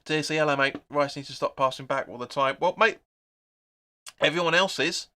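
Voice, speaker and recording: Man, young, football watch-along host, bright forceful voice, chatty live commentary. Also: on the high side, a little fast. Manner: chatty, reads out viewer comments, excitable at chances.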